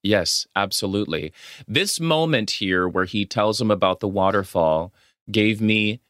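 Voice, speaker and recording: A man co-hosting a casual podcast, recapping a film in a lively, freely swearing way. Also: fairly low pitch, unhurried, no echo, studio quality. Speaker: podcast co-host.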